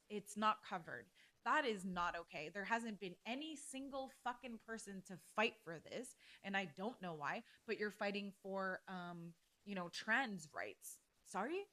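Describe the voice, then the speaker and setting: A woman talks through a solo podcast episode in a loose, ranting way. She is blunt and fired up, and she swears freely as she vents. Her voice sits at an ordinary middle pitch for a woman. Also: a bit bright. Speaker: podcast host. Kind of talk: casual solo podcast rant.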